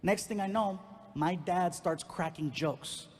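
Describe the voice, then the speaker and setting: A man doing stand-up, telling a personal story and acting out the people in it with lively energy. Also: high voice, slow pace, in a large hall. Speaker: stand-up comedian. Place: comedy stage before a live audience.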